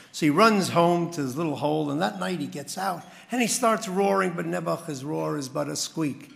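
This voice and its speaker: A man with a gravelly, slightly raised voice hosts a community dinner. He tells a parable with comic timing and then rouses the audience. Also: on the high side, brisk, few pauses, fairly bright tone, long reverb tail. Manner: storytelling with crowd-rousing build-ups. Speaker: master of ceremonies at a community dinner. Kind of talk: after-dinner speech.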